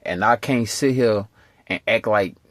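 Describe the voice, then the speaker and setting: Dude ranting on his vlog, low voice, cussing nonstop, super dry close sound. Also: a little slow, a bit bright, dry recording. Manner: profane, emphatic, streetwise slang. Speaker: vlogger. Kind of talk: rambling casual storytelling.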